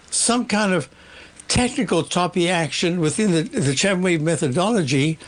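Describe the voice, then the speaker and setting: Radio host, man, higher voice, chatty and a bit breathless, market talk. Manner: chatty, thinking aloud with fillers. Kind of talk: live market analysis talk.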